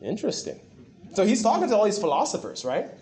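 Male preacher with a high, lively voice, impassioned and repetitive, recorded in a roomy hall. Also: quick pace, slight background noise. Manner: impassioned, repetitive, animated storytelling. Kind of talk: sermon. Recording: echoey room.

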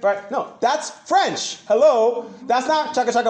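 A man preaching a sermon, asking questions back to his congregation in an animated way. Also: very high voice, a little slow. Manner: animated, call-and-response with the congregation. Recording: echoey room.

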